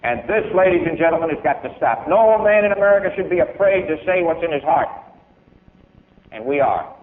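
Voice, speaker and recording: Preserved on tinny, lo-fi archival tape, a man speaks at a university event in a voice on the high side with lively intonation, going a little fast. He declaims emphatically with large shifts in loudness, then answers questions from the audience.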